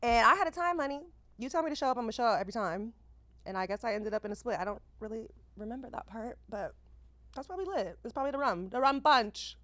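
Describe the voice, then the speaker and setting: A woman in her thirties hosting a podcast, chatting casually in a lively, slangy, exclamatory way. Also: fairly high pitch, fast, dry recording. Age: 30s. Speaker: podcast host.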